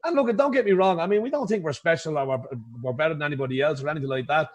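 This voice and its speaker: A man's voice: a little high, racing. An Irish man who plays in a pub house band, telling stories with animation in a casual interview and laughing through his points.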